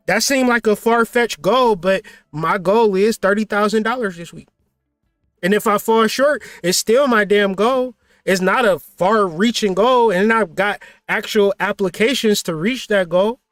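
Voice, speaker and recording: Blunt, high-voiced man preaching motivation. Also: moderate pace, a bit bright, dry recording, studio quality, faint music behind. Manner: blunt, profane, preachy with rhetorical questions. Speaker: spiritual teacher and channel host. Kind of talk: motivational livestream talk.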